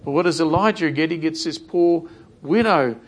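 A man's voice: on the high side, moderate pace, breathy edge. A man preaching a sermon in a conversational way, repeating phrases and acting out imagined prayers.

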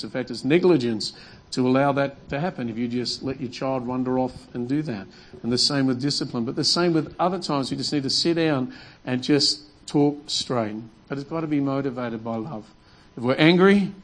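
A man preaching a sermon as a pastor, earnest and repeating phrases for emphasis. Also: medium pitch.

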